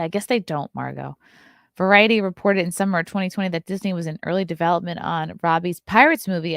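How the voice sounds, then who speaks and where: A low-pitched, creaky-voiced young woman runs a casual morning talk podcast, reading news stories aloud. She punctuates them with blunt, swearing comments, and the studio sound is clean with no room sound.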